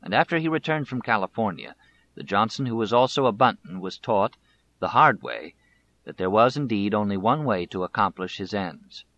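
Reading a biography for an audiobook, this male narrator is animated but keeps a deliberate, measured delivery. The pitch is on the lower side and the tone bright and forceful, though the audio is muffled and low-fidelity.

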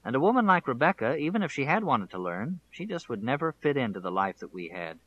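A man's voice: mid-range voice, big pitch swings, fast, fairly bright tone, dull audio, voice pushed up. A man reading the remembered words of an elderly small-town woman in an audiobook, earnest and reminiscing.

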